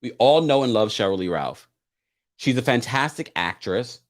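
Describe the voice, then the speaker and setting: A man hosts a live recap stream in a loose, casual way, reading out viewer comments and reacting with laughs. His voice is mid-pitched and very animated, swinging up and down as he talks. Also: normal speed. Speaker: live recap show host.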